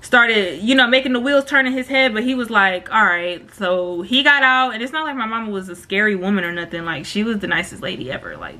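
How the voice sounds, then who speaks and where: A woman's voice: mid-range voice, fairly quick, few pauses. A woman telling a story on her vlog in slangy casual chat, acting out what people said. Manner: slangy, animated, acts out quoted voices. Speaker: storytime vlogger.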